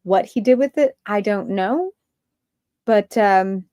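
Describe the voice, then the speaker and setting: A woman's voice: mid-range voice, slow, dark tone, no room sound, studio quality. A woman hosting a livestream, ranting in a rambling stream-of-consciousness way with many filler words. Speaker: livestream host.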